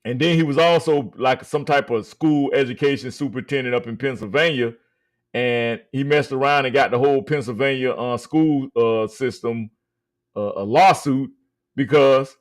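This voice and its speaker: A man of middling pitch hosts a live stream over call audio. He talks with heavy emphasis, drags out his phrases, and stalls often on filler sounds. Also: moderate pace. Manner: emphatic, drawn out, many uh fillers. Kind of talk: casual live-stream talk.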